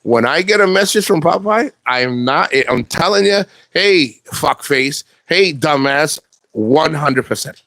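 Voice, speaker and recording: A man's voice: a little high, a bit bright, no echo. A man talking casually to camera in a blunt, profane, rambling way, restarting his sentences often. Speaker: vlogger.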